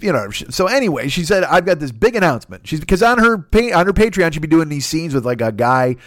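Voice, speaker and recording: A man hosting a podcast, telling a crude comedic story in a rambling, profane way and often mimicking other people in high voices. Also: no echo, clean studio sound. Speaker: podcast host.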